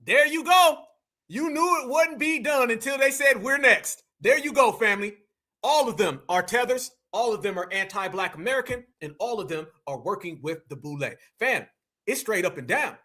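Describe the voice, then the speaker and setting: A man's voice: extremely high pitch, expressive, moderate pace, pushed and bright. A man hosting a reaction commentary, mocking and taunting in slangy street talk. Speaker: commentary host.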